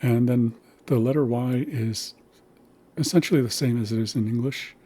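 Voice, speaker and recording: A man's voice: medium pitch, fairly even intonation, moderate pace, mellow. A man teaching a language lesson, patiently spelling out sounds and words.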